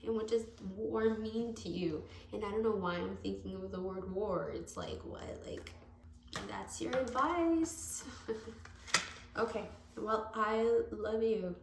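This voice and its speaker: Slow, gravelly-voiced woman tarot reader. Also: mid-range voice. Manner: rambling, self-correcting, affectionate. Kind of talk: casual tarot reading to camera. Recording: echoey room with faint background noise.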